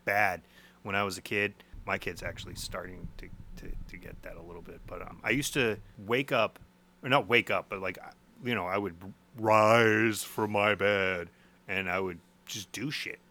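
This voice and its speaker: A man's voice: on the low side, fairly even intonation, moderate pace, pushed and bright. A young adult man chatting casually, telling crude stories and swearing freely. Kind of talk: casual chat.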